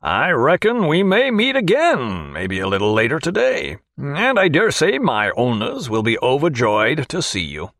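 A man's voice: mid-range voice, wildly swooping pitch, unhurried, hardly any pauses, fairly bright tone, no echo, studio quality, full character voice. A man doing a sardonic American captain's nasal drawl. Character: harsh sardonic American sea captain, male.

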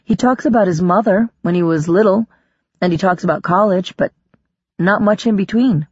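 A woman's voice: mid-range voice, normal speed, breathy edge, no room sound, dull audio, voice pushed up, close to an everyday voice. A reader voicing a worried wife who speaks hesitantly and earnestly about her husband. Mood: musing. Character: woman, wife of a crew member, worried.

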